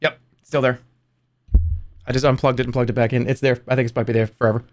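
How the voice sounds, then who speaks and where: A man in his thirties streaming games live, talking to his chat in an excitable, exasperated way, swearing and breaking into high-pitched outbursts. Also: quick pace, faint music behind. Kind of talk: live game stream commentary.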